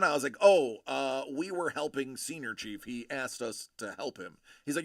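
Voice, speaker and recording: A man in his thirties telling a story in casual chat, acting out the people in it with animated voices. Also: a little high, normal speed, creaky, few pauses, dry recording, studio quality. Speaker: show host telling a story.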